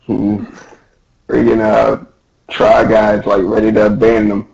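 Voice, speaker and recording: A man's voice: lowish voice, completely flat delivery, unhurried, creaky, darkish tone, reverberant. A man on a casual podcast, drawling through a comic retelling and laughing at his own character voices. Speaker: podcast co-host. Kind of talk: casual podcast chat, acting out comic lines. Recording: lo-fi dull audio.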